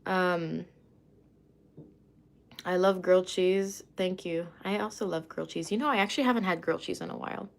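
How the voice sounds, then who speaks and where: A woman's voice: lowish voice, moderate pace, creaky, pauses often. A young woman from Lebanon chatting on a livestream, rambling and losing her train of thought as she reads comments aloud. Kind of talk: casual livestream chat, reading comments.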